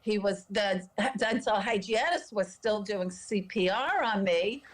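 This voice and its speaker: A woman, a podcast guest, telling a personal story with lively delivery and frequent laughter. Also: mid-range voice, a little slow. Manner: lively, laughs often between sentences.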